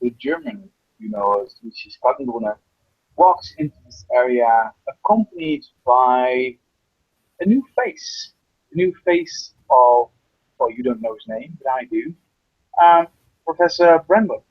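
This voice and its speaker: Man, slow halting speech, lively pitch swings, husky, dry dull recording. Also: dry recording. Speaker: player. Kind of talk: narrating a tabletop game.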